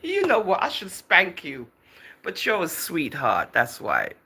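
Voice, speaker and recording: Livestream host, woman, chatty and teasing, with a bright voice that swoops up and down; laughs a lot and answers comments as they come. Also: lowish voice, wildly swooping pitch, a little slow, a little hiss or hum. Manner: chatty and teasing, often laughing, calls viewers darling and girl. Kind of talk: casual livestream chat, reading out viewer comments.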